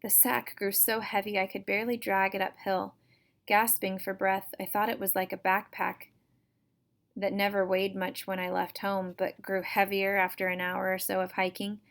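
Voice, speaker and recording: A woman reads a first-person chapter book aloud for her students. Her delivery is steady and even, with a notably flat, narrow pitch. The sound is a plain home recording. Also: normal speed. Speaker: teacher reading to students.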